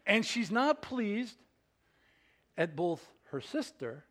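A male pastor preaching a sermon in an expressive way, acting out scripture scenes. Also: sits high, takes it slowly.

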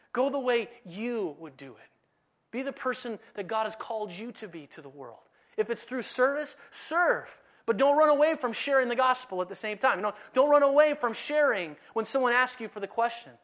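Man, pastor, conversational sermon, bright tone, swings between loud and quiet. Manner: conversational, animated preaching with sudden drops to soft, low delivery.

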